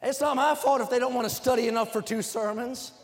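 Preacher guy, real high voice, hollers his lines in a big echoey church. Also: steady tone, fast talker. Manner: builds to shouted rhythmic exhortations. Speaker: pastor. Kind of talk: fiery sermon. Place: large church sanctuary. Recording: long hall reverb.

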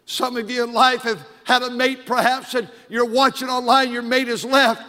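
An older man preaching a fervent sermon, his high, bright voice pressing hard on each point. The words hang in the long reverb of a big church sanctuary. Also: level tone, moderate pace, hardly any pauses. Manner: fervent preaching, rising to shouted emphasis. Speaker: pastor.

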